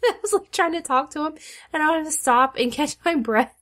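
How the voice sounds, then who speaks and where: A woman with a fairly high voice talks in a loose, tired podcast chat. She laughs easily and pokes fun at herself. She sounds worn out and a little short of breath. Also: expressive, fairly quick, fairly bright tone. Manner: chatty, laughs often, self-deprecating. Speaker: podcast co-host. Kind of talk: casual late-night chat.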